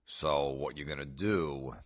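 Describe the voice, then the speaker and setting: A man's voice: a bass voice, unhurried. A man hosting a comedy podcast, mocking things in a sarcastic, profane rant. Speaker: comedian host.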